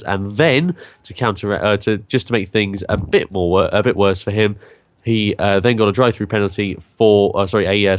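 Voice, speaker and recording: A man's voice: on the low side, dry recording. A man commentating live on a sim race, chatty and rambling, with many fillers and restarts.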